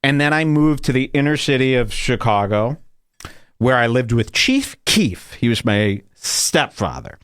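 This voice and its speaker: Animated, crude comedy podcast host. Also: male voice, mid-range voice, measured pace, clear, resonant tone, dry recording, clean studio sound. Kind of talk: comedic rant.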